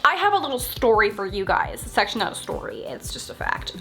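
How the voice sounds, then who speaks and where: A woman's voice: mid-range voice, wildly swooping pitch, fast, a bit bright, faint music behind. A young woman vlogger answering viewer questions in a candid, casual chat, often acting out quoted thoughts.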